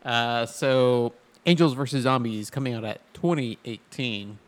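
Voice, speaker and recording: A man's voice: medium pitch, measured pace. A man co-hosting a podcast, chatting casually while reviewing a movie, rambling and laughing often. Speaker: podcast co-host.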